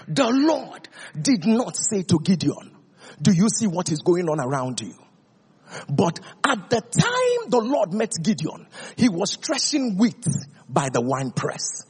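A man preaching a sermon, reading scripture aloud in a dramatic, declamatory way that swings high and low. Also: wildly swooping pitch, unhurried, slightly rough, big-room sound.

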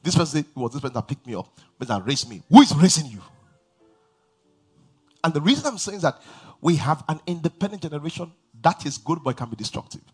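A man's voice: a little high, expressive, quick pace, a little mellow, breathy edge, faint music behind. A man preaching a sermon to a large church congregation, emphatic and drawing responses from the crowd. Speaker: pastor.

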